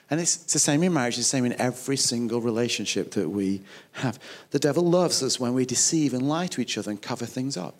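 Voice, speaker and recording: A man preaching a sermon, emphatic and conversational, acting out little quoted dialogues. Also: mid-range voice. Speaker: pastor.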